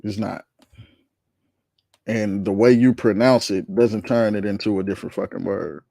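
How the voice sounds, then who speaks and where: A man's voice: lowish voice, fairly even intonation, moderate pace, creaky, dark tone, dry recording, studio quality. A man hosting a livestream, arguing with his chat in a heated, profane, slangy rant. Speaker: streamer host reacting to chat.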